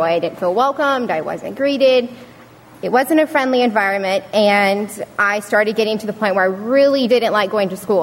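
A young woman giving an earnest prepared speech to an audience, telling a personal story. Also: medium pitch. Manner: earnest, storytelling with acted quotes. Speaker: student speaker. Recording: reverberant hall.

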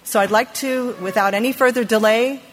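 A woman's voice: a little high, brisk, slight background noise, poor audio. A woman introducing the first speaker at a gathering, in a formal announcing manner. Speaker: event host introducing a speaker.

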